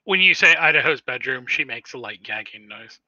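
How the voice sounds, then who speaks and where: A man narrating as storyteller in a tabletop role-playing game, halting with frequent pauses and restarts. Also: mid-range voice, expressive, bright, forceful tone, no echo, lo-fi sound. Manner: halting, many fillers and restarts.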